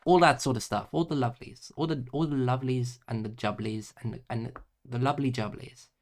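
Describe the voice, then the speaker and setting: A man's voice: medium pitch, steady tone, fairly quick. Man muttering through homework on stream. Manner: mutters to himself, playful nonsense words, chats with viewers; drifts between loud bursts and quiet mumbling. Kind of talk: casual livestream chat.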